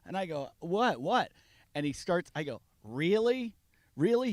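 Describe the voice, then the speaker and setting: A podcast co-host with a high voice takes his time telling a long, casual story. He brings it to life by acting out both sides of the exchange, his own words and other people's. The recording is dry.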